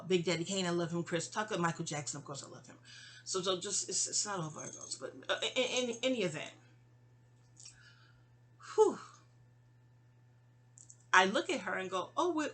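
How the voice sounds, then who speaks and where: A woman recounts a personal story with a bright, ringing voice. She digresses constantly, repeating words as she restarts thoughts and breaking off to speak directly to her listeners. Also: lowish voice, normal speed, pauses often. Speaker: memoir storyteller.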